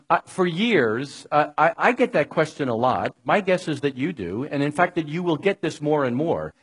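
A man delivers a conversational sermon, his voice husky and set a little high. He is wry and chatty, and he talks straight to his listeners. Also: poor audio. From New York. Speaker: preacher.

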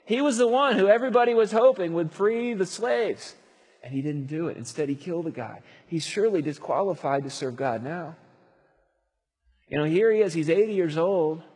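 A man preaches a sermon and retells a story with lively, animated delivery. His voice sits a little high and sounds husky. A long hall reverb trails every phrase.

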